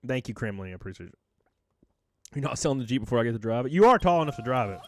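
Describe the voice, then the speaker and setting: A man's voice: mid-range voice, expressive, very fast, a little mellow. A man live-streaming in a casual, rambling way, joking, swearing freely and thanking his viewers by name.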